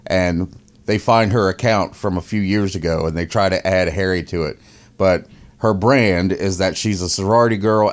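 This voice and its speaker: Mocking, deep-voiced man ranting. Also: moderate pace. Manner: mocking, laughs often, repeats himself. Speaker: commentary podcast host. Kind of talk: casual opinion commentary.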